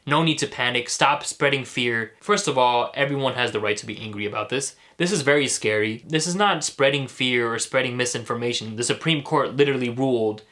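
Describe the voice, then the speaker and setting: A man's voice: medium pitch, a little fast, hardly any pauses, fairly bright tone. Angry, impassioned young man ranting. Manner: impassioned, indignant, sarcastic. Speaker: political commentary vlogger. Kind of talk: ranting commentary vlog.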